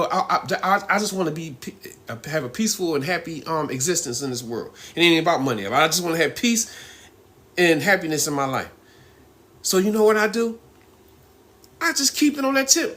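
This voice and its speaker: A middle-aged man chatting on his own live stream in a bright, forceful voice pitched a little high for a man. He rambles loosely, chuckles often and keeps checking in with his listeners. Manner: loose, rambling, laughs often, frequent "you know what I mean". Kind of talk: casual live-stream talk.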